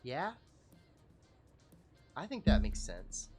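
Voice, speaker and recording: A man's voice: medium pitch, expressive, moderate pace, music in the background. A man hosting a casual livestream talk show, rambling, profane and self-mocking.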